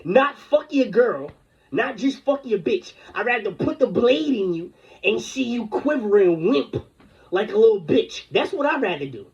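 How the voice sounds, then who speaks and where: A man's voice: high-pitched, very animated, unhurried, vocal fry, a little mellow, breathy edge. A man delivering an angry, rambling, confrontational rant full of profanity. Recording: dull lo-fi recording.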